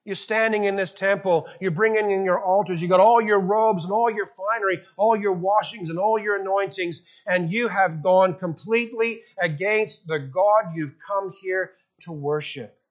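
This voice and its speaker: A man preaches a sermon with a high, ringing voice. He talks emphatically and leans on rhetorical questions. The recording sounds somewhat dull and lo-fi. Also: moderate pace, few pauses. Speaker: pastor.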